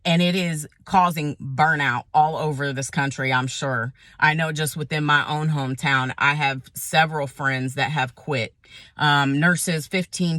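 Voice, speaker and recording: A woman speaks as a nurse in an impassioned vlog, frustrated and emphatic, hammering her points home by repeating them. Her voice is bright and forward. The sound is dry and close, with no room behind her. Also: low voice, no echo. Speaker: nurse vlogger.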